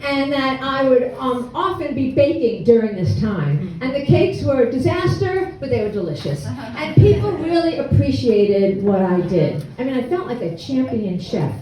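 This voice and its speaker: A woman's voice: sits high, very animated, normal speed, few pauses, warm tone, slight background noise. A woman in her sixties telling a humorous, self-deprecating story at a live storytelling event. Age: 60s. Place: hall with an audience. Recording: echoey room, mic from far off.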